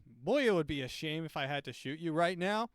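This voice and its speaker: A sing-song robot dog cop, chipper and falsely friendly, as a man puts it on, pitched high and clipped. Its lines come out close and dry, with no room around them. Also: lively intonation, a little fast, smooth, no room sound, natural voice.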